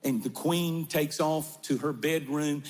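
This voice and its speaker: A high-voiced man preaches slowly and with fire, pushing up into shouts at his strongest lines. He is in a large church where the sound rings out in a long hall reverb, with faint music underneath. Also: fairly even intonation. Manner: impassioned, shouting at peaks, storytelling. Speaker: pastor. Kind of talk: sermon.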